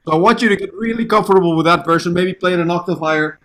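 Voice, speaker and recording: A man with a high, steady voice teaches piano online, patiently counting beats out loud and singing the rhythms he wants. He talks in rapid bursts with hardly any pauses.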